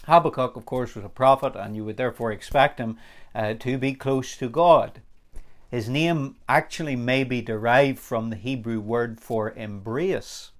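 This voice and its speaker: A man teaching a recorded Bible study sermon, talking earnestly and lifting his voice on the words he stresses. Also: normal speed. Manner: earnest, emphatic, rising in pitch on key words.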